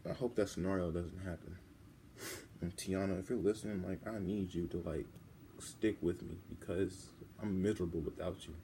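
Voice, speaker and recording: A teenage boy talking in a personal vlog, halting and rambling, full of restarts, and close to tears. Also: low voice, fairly even intonation, warm tone, slight background noise. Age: teens. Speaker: vlogger.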